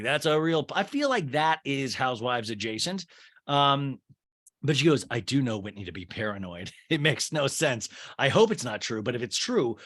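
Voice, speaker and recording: A man's voice: mid-range voice, a bit bright. A man hosting a podcast, recapping a reality show in a chatty, sarcastic way and talking to listeners as "you guys". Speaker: podcast host. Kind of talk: casual recap commentary.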